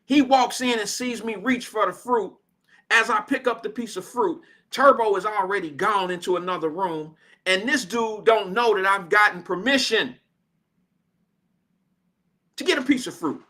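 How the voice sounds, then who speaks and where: An American man from Cincinnati hosting a radio drive-time show, telling a story in an animated, slangy way. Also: high-pitched, moderate pace. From Cincinnati, Ohio, USA. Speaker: radio host. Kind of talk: casual on-air storytelling. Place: radio studio.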